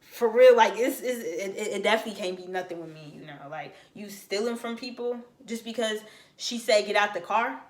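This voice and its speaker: A young woman from Florida telling a casual storytime, slangy and animated, acting out what other people said. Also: medium pitch, brisk. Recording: echoey room.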